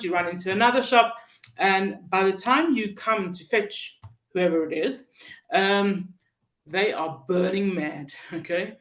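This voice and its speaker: A mid-pitched teacher leads a Torah lesson on Psalms. The delivery halts over fillers and restarts and breaks into small acted-out stories. The sound carries a roomy echo, as if recorded in a synagogue hall. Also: a bit bright. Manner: halting, with many fillers and restarts; tells stories and acts out the people in them.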